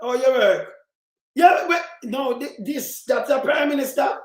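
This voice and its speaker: A man with a Jamaican accent giving excitable, mocking political commentary and often shouting. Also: very high-pitched, unhurried, echoey room.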